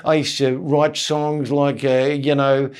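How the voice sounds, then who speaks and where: A man, a comedian guest telling self-deprecating anecdotes in a relaxed, rambling interview. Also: medium pitch, slow pace, clear, resonant tone. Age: 70s. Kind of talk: casual interview storytelling.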